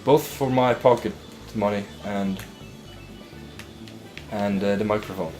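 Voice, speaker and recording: A man's voice: on the low side, fairly even intonation, slow pace, music in the background. A young man chatting casually while playing a video game, rambling with frequent restarts. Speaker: let's play host. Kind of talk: casual gaming chat.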